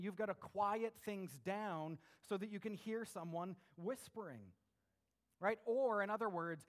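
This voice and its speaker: A middle-aged man preaching a sermon in a conversational way, often checking in with "right?" and acting out voices. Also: high voice. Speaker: pastor.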